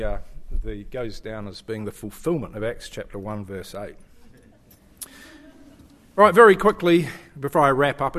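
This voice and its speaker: A man's voice: medium pitch, fairly bright tone. A middle-aged man with a New Zealand accent, a visiting church speaker giving a chatty, joking slide presentation to a congregation. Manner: chatty and joking, with frequent fillers and restarts.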